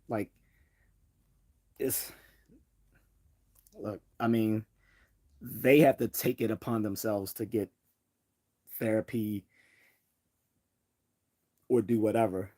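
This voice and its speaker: A man's voice: medium pitch, fairly even intonation, takes it slowly, pauses often, mellow. A man from the Northeastern US with a General American accent, talking casually on a livestream, hesitant with many restarts and fillers but blunt in his opinions. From Northeastern United States. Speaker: livestream host.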